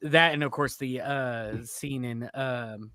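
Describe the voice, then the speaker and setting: Loud, animated man telling stories. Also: medium pitch, slow, no echo, studio quality. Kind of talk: casual podcast chat.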